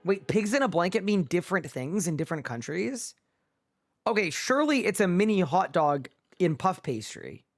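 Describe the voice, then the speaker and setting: A man with a high voice and big pitch swings speaks at a moderate pace while streaming a game live. He banters casually with his viewers in chat, playful and incredulous.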